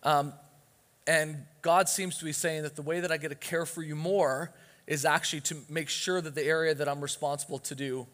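Earnest high-voiced man preaching in a reverberant hall. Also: fairly even intonation, moderate pace, a bit bright. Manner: earnest, emphatic, rising to urgency on key points. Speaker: pastor. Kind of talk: sermon. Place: church. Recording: long reverb of a church hall.

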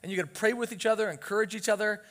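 A man's voice: high voice, steady tone, very fast, a bit bright. A pastor preaching a sermon to his church, earnest and emphatic, his voice rising with urgency on key points. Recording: long reverb of a church hall.

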